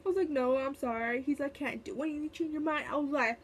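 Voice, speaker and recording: A woman's voice: high-pitched, quick pace, a little hiss or hum. A young woman telling a storytime vlog in casual, chatty talk, full of fillers and sassy asides. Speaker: vlogger.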